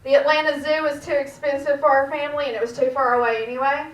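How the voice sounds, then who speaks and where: A woman with a Southern US accent doing a stand-up set, telling dark jokes in a deadpan drawl in the back room of a restaurant. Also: high-pitched, fast talker. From Georgia, US. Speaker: stand-up comedian. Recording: echoey room, mic heard from far off.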